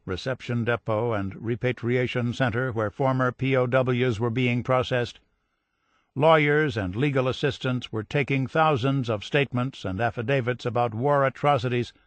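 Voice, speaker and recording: A man narrating a war history audiobook in a measured storytelling voice of middle pitch. He lifts the energy when voicing dialogue. The studio sound is dry and close. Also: no room sound. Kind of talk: scripted narration.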